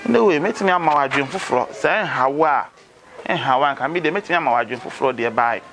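A Ghanaian-accented man playing a streetwise adviser who persuades a friend, lively and mixing Twi with pidgin English, in a noisy outdoor scene. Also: a little high, fast, close to an everyday voice. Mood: confiding. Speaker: adviser urging a fetish priest.

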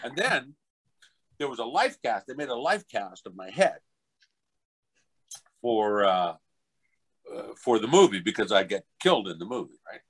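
Older male voice actor, animated storyteller, lively pitch, mimics others. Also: moderate pace, pauses often, husky, low-quality recording. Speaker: voice actor guest. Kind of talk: storytelling anecdotes in an interview.

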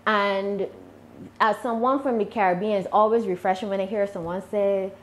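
Barbadian woman, deliberate speech. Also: medium pitch, steady tone, slight background noise. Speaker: YouTuber guest. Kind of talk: casual interview answers.

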